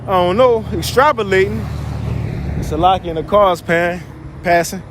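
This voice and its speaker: High-voiced man teaching scripture casually. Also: normal speed, background noise. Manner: reads verses aloud, then paraphrases in loose slang; animated, chuckles often. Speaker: bible teacher.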